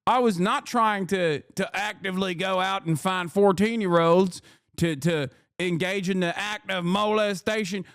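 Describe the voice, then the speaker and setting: Man putting on a high, wheedling sleazy politician voice, for a comic bit. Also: a little slow, a bit bright, clean tone, dry recording, studio quality. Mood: pleading. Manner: whiny, wheedling excuses. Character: sleazy older male politician pleading innocence.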